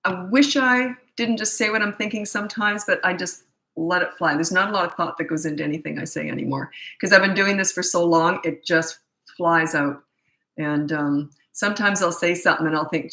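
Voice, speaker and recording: Chatty, bright-voiced woman coaching parents live. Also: lowish voice, fairly quick. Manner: chatty, blunt and self-deprecating, laughs at herself. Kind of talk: casual live-stream chat answering viewer questions. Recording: echoey room.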